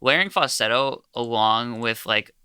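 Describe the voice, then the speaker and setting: A man's voice: medium pitch, measured pace, bright, forceful tone, clean tone, no echo, clean studio sound. A young man casually walking through how he produced a song, with lots of filler words. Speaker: music producer. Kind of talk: casual studio walkthrough.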